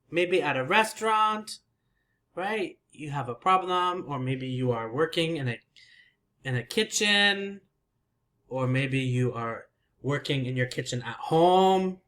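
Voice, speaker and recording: A man teaching a simple English lesson, patiently repeating words and laughing softly. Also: mid-range voice. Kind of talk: slow, simple language lesson.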